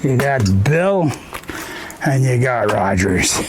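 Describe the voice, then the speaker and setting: Slow, rambling man with folksy "eh?". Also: medium pitch, expressive, background noise. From Canada. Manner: rambling, folksy, ends phrases with "eh?". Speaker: vlogger. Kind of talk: casual chat while stacking firewood. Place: woodshed.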